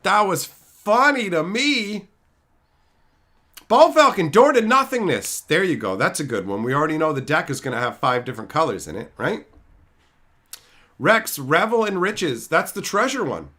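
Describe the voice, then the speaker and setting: Male streamer, lively up-and-down voice, bright forceful tone, casual swearing chat. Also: medium pitch. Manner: animated, reads chat names aloud, swears freely.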